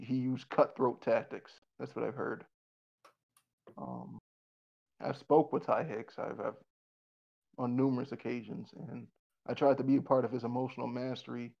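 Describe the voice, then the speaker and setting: A man's voice: mid-range voice, flat delivery, normal speed, creaky, dull audio. A man in casual conversation who rambles, restarts often, repeats words and swears bluntly.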